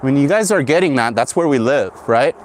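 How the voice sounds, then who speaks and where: A man's voice: medium pitch, animated, fairly quick, a little hiss or hum. A man hosting his own show, ranting in a monologue and tagging his lines with "right?". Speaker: podcast host.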